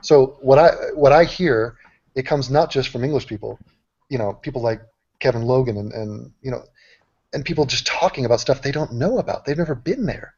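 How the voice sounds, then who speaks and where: Brief: blunt American guy on an online panel, animated, muffled call audio. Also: medium pitch, brisk, slightly rough. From United States. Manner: animated, talks over others, swears casually. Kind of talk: casual group video chat.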